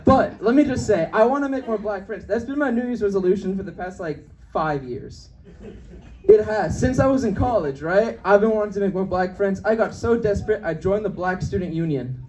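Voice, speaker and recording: High-voiced brash young stand-up comic. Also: male voice, darkish tone, far from the mic, rough recording. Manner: brash, fast-shifting, acts out voices of people in his stories. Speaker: stand-up comedian. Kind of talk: stand-up comedy set. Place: comedy club with live audience.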